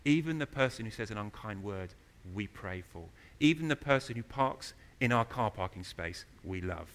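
Animated man preaching a sermon. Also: lowish voice, moderate pace. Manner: storytelling, animated, rises to loud emphasis. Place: church.

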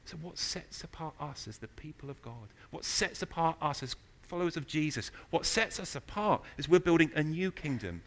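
A man preaching a sermon in a church, telling stories with animated, loud emphasis. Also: a little high, moderate pace, few pauses.

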